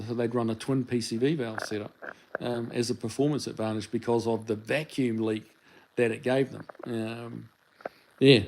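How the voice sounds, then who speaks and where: Kiwi man hosting a casual phone live stream, soft and dark in tone, easygoing and meandering. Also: mid-range voice, a little hiss or hum, poor audio. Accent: New Zealand. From New Zealand. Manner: rambling, reads viewer comments aloud. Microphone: phone held in hand.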